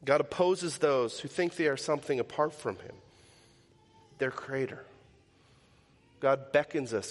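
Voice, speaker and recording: A man preaches a sermon in a slightly higher voice, speaking in a loose, conversational way. He keeps throwing rhetorical questions at his congregation. His voice carries a long reverb from the church hall. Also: animated, normal speed. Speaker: pastor.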